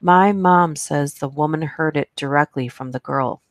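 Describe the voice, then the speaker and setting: A woman's voice: low voice, a little slow, dry recording, studio quality. A woman hosting a live stream, reading creepy stories aloud and chatting with asides between them. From United States. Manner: reads aloud with asides, laughs at herself.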